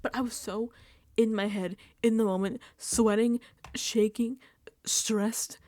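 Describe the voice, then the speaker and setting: A woman's voice: a little high, slow, no echo. A woman hosting a casual reality TV recap, animatedly acting out her reactions into a microphone. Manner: animated, acts out her own reactions and quotes. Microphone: desk microphone.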